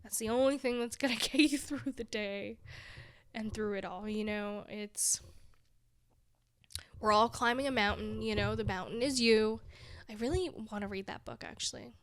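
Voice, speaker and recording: This podcast host is a young woman from a big city with a slightly high voice, speaking at a moderate pace. Her casual monologue rambles along as she sounds tired and discouraged, nearly tearful now and then, yet self-deprecating and quick to laugh.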